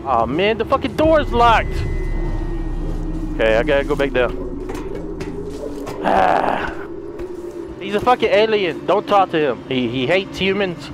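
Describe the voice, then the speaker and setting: A man playing a horror game and commenting live, swearing, shouting in panic, repeating himself and laughing. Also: high-pitched, very animated, measured pace, pauses often. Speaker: let's play gamer. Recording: loud game music and effects behind.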